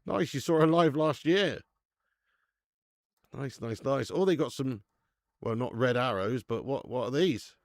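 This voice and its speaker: Male streamer, gravelly and dry-sounding; laddish live chat host who reads out viewers' names. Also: mid-range voice, unhurried, pauses often, no echo. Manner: chatty and laddish, reading out viewer names, laughs often. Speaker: watch-along host.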